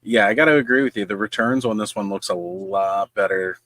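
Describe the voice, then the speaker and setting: A man's voice: lowish voice, a little fast, bright, forceful tone, dry recording. A man co-hosting a podcast, chatting casually and agreeably. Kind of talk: casual chat.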